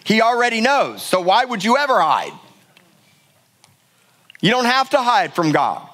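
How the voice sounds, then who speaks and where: A man's voice: sits high, big pitch swings, a little slow, sharp tone. A middle-aged male pastor preaching a sermon in a church, emphatic and passionate, often repeating words for force. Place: church sanctuary.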